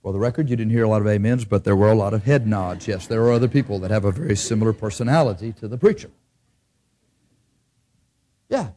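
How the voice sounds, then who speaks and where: A man's voice: lowish voice, quick pace, pauses often, warm tone. A man preaching a sermon in a church, speaking conversationally and asking his listeners frequent questions.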